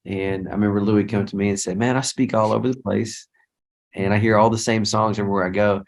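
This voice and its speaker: Low-voiced man telling a story. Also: level tone, quick pace. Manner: rambling, with frequent restarts and quoted dialogue. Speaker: guest songwriter and worship leader. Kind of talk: storytelling in a casual interview.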